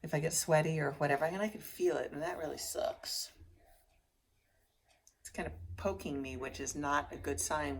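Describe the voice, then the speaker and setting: Middle-aged woman, lowish voice, casual home video diary, rambling and chatty with easy laughs. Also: a little hiss or hum. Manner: chatty and rambling, laughs often, coos at her pets. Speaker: vlogger. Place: at home indoors.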